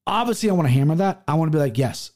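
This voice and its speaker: Man, 30s, podcast host, casual fight talk, rambling and profane, somewhat high, mellow tone. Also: expressive, very fast. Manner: rambling, profane, repeats himself with restarts. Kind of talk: casual fight-preview monologue.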